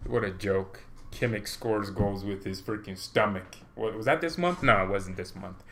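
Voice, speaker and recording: A man hosting his own channel, chatting casually and excitedly about football, rambling, laughing and poking fun at himself. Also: lowish voice, moderate pace, creaky. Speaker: channel host.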